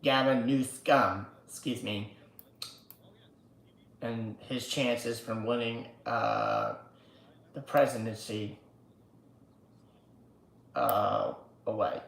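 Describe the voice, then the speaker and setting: A man hosting a casual livestream, ranting slowly and profanely and chanting slogans. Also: on the low side, expressive, creaky, fairly bright tone, reverberant. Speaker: livestream host. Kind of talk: casual political livestream rant.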